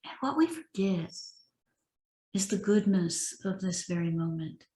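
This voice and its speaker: Woman meditation teacher, unhurried reading with spaces between lines, roomy echo. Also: on the low side, fairly even intonation, dark tone. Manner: slow, measured recitation with long pauses. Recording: echoey room.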